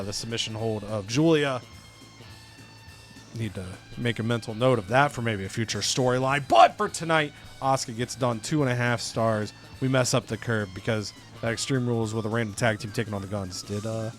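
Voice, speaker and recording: A man casually narrating a wrestling management game playthrough, slipping into exaggerated voices for the wrestlers. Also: medium pitch. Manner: animated, acts out wrestlers' lines in exaggerated voices.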